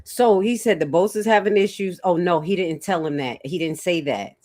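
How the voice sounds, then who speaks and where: A woman host talking to her livestream chat with a fairly low voice, dry and close to the mic. She comments casually and reacts loudly to what she hears, often breaking off to address her viewers. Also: normal speed, no echo.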